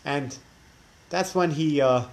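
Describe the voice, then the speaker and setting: A man's voice: fairly high pitch, takes it slowly, vocal fry, a little hiss or hum. A man teaching a religious class who tells stories animatedly, acting out the characters, with frequent restarts. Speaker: Torah teacher.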